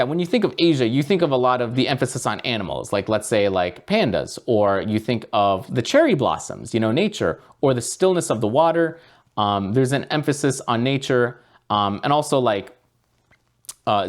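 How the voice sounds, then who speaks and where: A man hosting his own video channel, explaining ideas in a casual, meandering way with many fillers and restarts. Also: medium pitch. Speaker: YouTube host.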